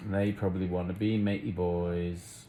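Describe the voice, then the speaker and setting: A man's voice: deep voice, level tone, moderate pace, dark tone, slight background noise. A man rambling on in a casual, self-mocking monologue to camera, swearing freely. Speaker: vlogger.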